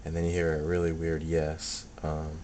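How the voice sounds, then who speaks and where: A man casually talking through his recordings, soft-spoken and hesitant, full of ums and restarts. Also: rumbling low, completely flat delivery, moderate pace, slight background noise. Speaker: paranormal hobbyist playing back recordings. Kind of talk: casual video commentary.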